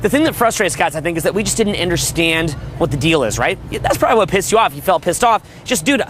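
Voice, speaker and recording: Crude fast-talking guy coaching on dating, high voice, a bit of street noise behind. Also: expressive, fairly bright tone. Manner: brash, crude, riffing, mimics voices. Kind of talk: motivational monologue.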